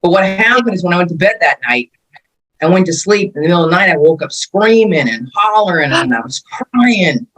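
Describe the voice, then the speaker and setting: A woman's voice: fairly low pitch, lively intonation, brisk, fairly bright tone, poor audio. A woman in her fifties from California, a martial arts instructor telling her life story in a casual interview, acting out the quotes as she goes. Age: 50s.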